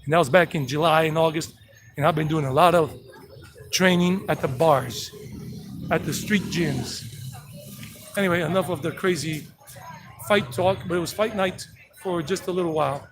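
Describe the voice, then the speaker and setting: High-voiced man rambling outdoors on the street. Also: normal speed, long pauses, poor audio. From South Carolina, USA. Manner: brash, rambling storyteller. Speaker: tour guide vlogger. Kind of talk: casual walking-tour chat. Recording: street noise behind.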